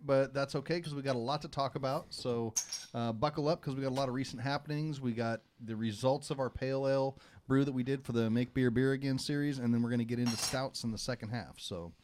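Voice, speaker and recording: A man's voice: mid-range voice, fast talker, a little mellow, slight background noise. A man co-hosting a casual beer podcast, easygoing and joking. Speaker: podcast co-host. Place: brewery studio.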